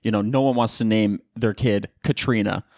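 A man's voice: on the low side, steady tone, moderate pace, darkish tone, dry recording, clean studio sound. A young man from Florida hosting a casual solo podcast from home, joking and swearing in slangy chat. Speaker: podcast host. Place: home room by a window in a hurricane.

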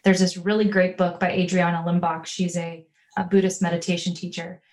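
A woman hosting a podcast interview, asking reflective questions in a gentle, probing way with some "um"s. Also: lowish voice, flat delivery, brisk. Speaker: podcast host. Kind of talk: conversational interview.

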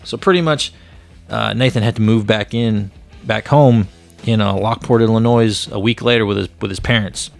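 A low-pitched man with a gravelly, fry-heavy voice talks through a comic review in a chatty, rambling way. He speaks over faint guitar music. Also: steady tone, normal speed. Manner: chatty plot retelling, loose and rambling. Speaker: comic book review show host. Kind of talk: casual spoken review.

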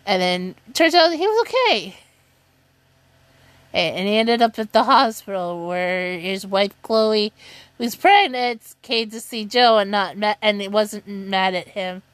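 A woman's voice: medium pitch, lively intonation, a little slow, a bit bright, dry recording. A woman casually recapping a TV episode, rambling and giggly, who often breaks into laughter. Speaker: TV show recap vlogger.

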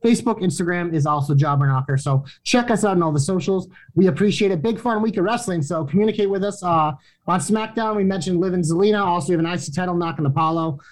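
A man's voice: high-pitched, fast. A man hosting a wrestling podcast, loose and casual, swearing and running through plugs.

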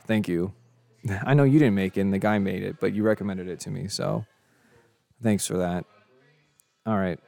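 A young man chats through his podcast in a low, gravelly voice that sounds dark and mellow. He rambles and pokes fun at himself, and he sounds worn out from too little sleep. The recording is dry. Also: dry recording. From of Mexican descent. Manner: rambling, joking, self-deprecating. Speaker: podcast host. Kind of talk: casual solo podcast chat.

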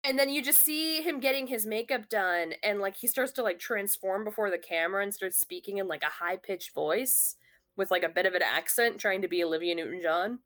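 A woman's voice: medium pitch, a little fast, a bit bright. A woman in casual conversation, telling a long story with many fillers and restarts. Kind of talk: casual chat.

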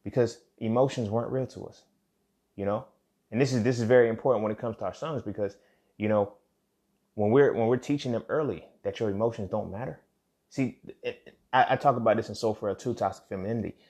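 A young man with a slightly low voice hosts his podcast solo. He talks loosely and casually, doubling back on his words and checking in with listeners as he goes. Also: fairly quick, darkish tone. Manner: conversational, repeats "you feel me", frequent restarts. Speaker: podcast host. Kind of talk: casual monologue.

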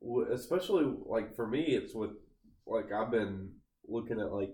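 A man's voice: lowish voice, lively intonation, normal speed, dark tone. A man co-hosting a podcast in casual chat, telling rambling stories packed with filler words. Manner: rambling, filler-heavy storytelling with frequent laughs. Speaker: podcast co-host. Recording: echoey room.

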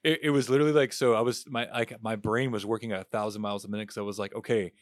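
Rapid-fire and fairly low-pitched, a young man co-hosting a podcast rattles through a story in casual chat. He swears without holding back and acts out what each person said, all in clean studio sound without echo.

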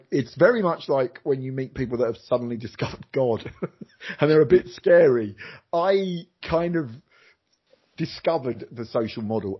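A middle-aged man, an interview guest and former TV presenter, telling a personal story candidly and animatedly, jumping into high voices for quoted lines. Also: husky. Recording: slightly dull lo-fi sound.

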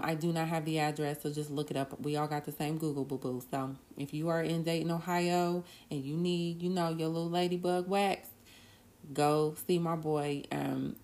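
Woman, low-pitched, earnest solo podcast talk, slow with laughs. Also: flat delivery, darkish tone. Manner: earnest, drawn-out pauses, bursts of laughter. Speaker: podcast host.

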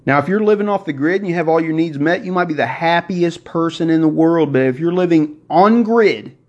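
An excitable man with a somewhat raised pitch delivers a motivational podcast monologue, preaching with rising fervor. The recording sounds dull and lo-fi. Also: fairly quick. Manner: excitable and preachy, works himself up. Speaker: podcast host.

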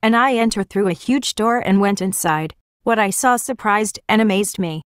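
A woman's voice: medium pitch, moderate pace, clean tone, dry recording, studio quality. A woman giving a first-person religious vision testimony in an earnest, plain storytelling manner.

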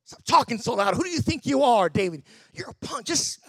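A male preacher voicing scornful older brothers who hush and scold their younger brother in a low, quiet tone. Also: big pitch swings, brisk, vocal fry, slightly rough, no room sound, exaggerated voice. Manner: hushed, scolding.

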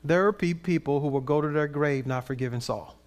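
Animated preaching man, higher voice. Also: brisk. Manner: animated, conversational preaching with playful asides. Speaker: pastor. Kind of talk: sermon.

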